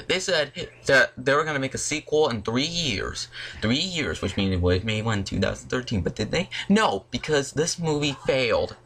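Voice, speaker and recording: A young man delivers a heated movie rant from his home. His voice is bright and sharp, and his pitch jumps widely. He swears often and sounds openly irritated. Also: animated, moderate pace. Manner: irritated, profane, exclamatory. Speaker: video channel host. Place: at home, in front of a disc collection.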